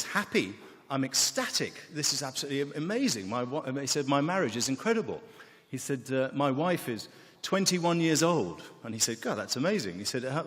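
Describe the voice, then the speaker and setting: A man giving a conference talk, relaxed and joking, with many fillers. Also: medium pitch. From England. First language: English. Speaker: wine expert, keynote speaker. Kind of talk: conference keynote with anecdotes. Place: conference hall. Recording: long reverb of a large hall.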